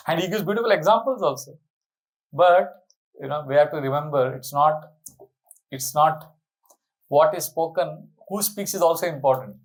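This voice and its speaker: Guy giving a storytelling sermon, kinda high voice, keeps asking the audience stuff. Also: unhurried, long pauses, low-quality recording. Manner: animated, questions the audience. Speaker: spiritual speaker.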